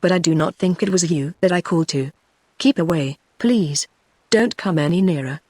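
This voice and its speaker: A woman's voice: lowish voice, moderate pace, no room sound, clean studio sound, close to an everyday voice. A synthetic British-accented woman's voice voicing a frightened but brave young woman, read evenly in the narrator's own voice. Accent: British English. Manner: even synthetic reading.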